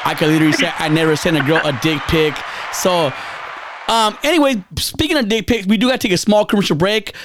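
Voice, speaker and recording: A man's voice: high-pitched, quick pace, noisy background. A man hosting a podcast, rambling through a story in casual chat, stammering, repeating words and swearing freely. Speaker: podcast host.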